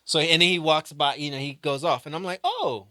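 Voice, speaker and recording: A man's voice: fairly high pitch, brisk, no echo. A man co-hosting a comedy chat, jumping in with jokes and acted-out voices. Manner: animated, jumps in with jokes and quoted voices. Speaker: comedy podcast co-host.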